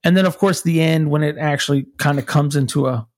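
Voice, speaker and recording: A man co-hosting a podcast with a fairly high voice. He rambles through his thoughts and leans on fillers. The sound is close and dry. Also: fairly quick, a little mellow, dry recording. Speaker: podcast co-host. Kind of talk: casual chat.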